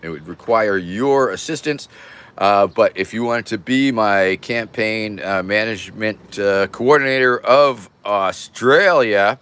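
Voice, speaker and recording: A man's voice: on the low side, unhurried, fairly bright tone, clean tone. An older man hosting a casual livestream, rambling loosely and irreverently as he thanks viewers by name. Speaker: livestream host. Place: home, near a porch.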